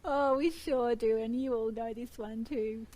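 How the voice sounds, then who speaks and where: A woman co-presenting a children's storytime show, gushing and warm, laughing often. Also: on the high side, fairly even intonation, a little slow, low-quality recording.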